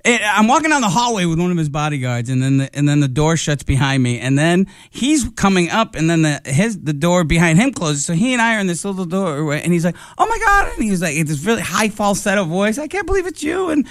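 A man's voice: fairly high pitch, expressive, clean tone. A middle-aged comedian telling rambling stories, often laughing and switching into other people's voices. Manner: rambling storyteller with quick voice switches and frequent laughs. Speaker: comedian guest. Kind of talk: animated anecdote telling.

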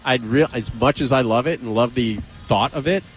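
A man hosting a radio show, chatting casually and excitedly about his team and thanking colleagues. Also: mid-range voice, moderate pace, soft background music. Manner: excitable, jokey sports fan. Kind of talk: casual studio banter.

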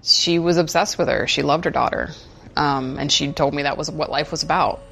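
A woman in an interview, speaking in a soft, subdued and shaken way. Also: sits low, moderate pace, gravelly, soft background music. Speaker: interviewee, friend of the deceased. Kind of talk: emotional interview.

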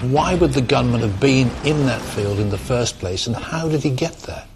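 A man's voice: medium pitch, moderate pace, noisy background. A man presenting a documentary, delivering lines dramatically and posing questions.

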